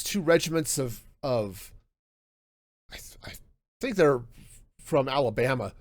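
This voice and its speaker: A man hosting a podcast, talking through a book review in a casual, animated way, often restarting his sentences. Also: a little high, no echo. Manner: animated, self-interrupting with restarts and laughs. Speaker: podcast host.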